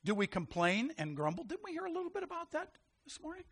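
A male pastor preaching with a high, bright voice that leaps up and down in pitch. He is animated and laughs easily, and he keeps turning to the congregation with questions. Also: fast talker. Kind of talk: sermon.

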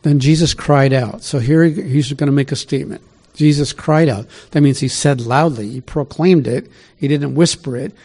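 A man's voice: medium pitch, moderate pace, hardly any pauses, mellow, breathy edge. A man preaching a conversational sermon, reading scripture aloud and asking his listeners questions along the way. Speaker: pastor. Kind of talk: sermon Bible teaching.

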